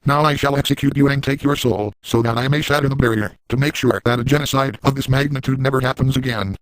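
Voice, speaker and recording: A man's voice: mid-range voice, fast talker, no echo, natural voice, low-quality recording. A man voicing a crude, gleeful, boastful adult man in a comic parody, narrating in first person with a brash, over-the-top manner.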